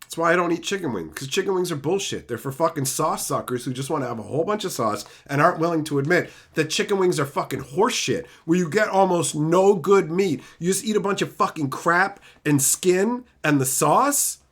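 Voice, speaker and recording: A man streaming live, ranting loudly with constant swearing and insults, reading and mocking chat comments. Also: on the high side, lively intonation, a little fast, few pauses. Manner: loud, swearing, insulting rants; reads chat comments aloud and mocks them. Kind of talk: profane livestream rant.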